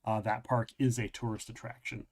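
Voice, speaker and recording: A man's voice: mid-range voice, level tone, moderate pace, a little mellow. A man running a tabletop game as game master, narrating with frequent restarts while he searches for words.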